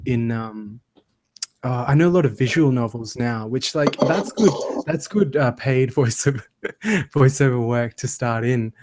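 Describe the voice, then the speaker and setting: A host chatting casually with a voice cast over a call, eager and laughing often. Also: medium pitch. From Australia. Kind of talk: casual group chat on a call.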